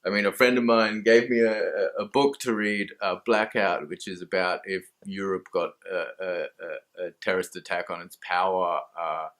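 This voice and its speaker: A man's voice: low-pitched, steady tone, moderate pace, few pauses, fairly bright tone. A man with an Australian accent, talking candidly to camera in a rambling, casual monologue, swearing freely and laughing at himself. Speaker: mental health vlogger.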